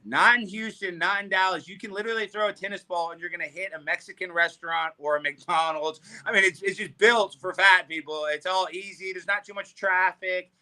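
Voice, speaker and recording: Male guest, piercing bright voice, brash and loud comic ranter. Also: high-pitched, fairly even intonation, brisk, few pauses. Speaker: guest commentator. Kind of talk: brash comedic rant.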